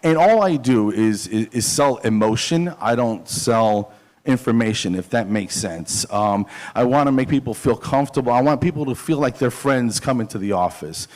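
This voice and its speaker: A middle-aged man telling jokes in a stand-up set, poking fun at himself. His delivery is loose and halting, full of fillers, restarts and his own chuckles. His voice sits at an ordinary male pitch. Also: expressive, a little mellow. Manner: self-deprecating, jokey, halting with fillers and laughs. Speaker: dental hygienist doing stand-up.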